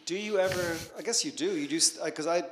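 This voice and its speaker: A man's voice: sits high, fast, reverberant, slight background noise. A man hosting an interview who asks rambling, conversational questions. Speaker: interviewer, host.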